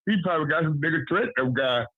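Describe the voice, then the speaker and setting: A man with a fairly high, husky voice comes through a tinny, dry phone line. He talks bluntly and keeps repeating his point in casual street slang. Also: animated, quick pace, no room sound. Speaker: guest on a boxing talk show.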